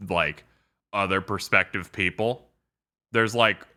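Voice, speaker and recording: A man co-hosting a casual podcast, talking in a rambling, halting way with frequent laughs. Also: low-pitched, pushed and bright. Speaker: podcast co-host.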